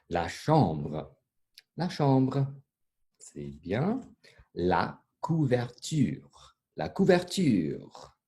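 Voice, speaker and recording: A man teaching a French vocabulary lesson, slowly repeating each word for learners and mixing in English explanations. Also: mid-range voice, warm tone. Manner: slow, patient repetition of words for learners to echo. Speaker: language teacher.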